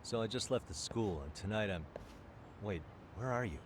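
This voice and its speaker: A man voicing a serious, sober adult male private detective in a video game, calm and dry. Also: fairly low pitch, normal speed, natural voice. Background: game music.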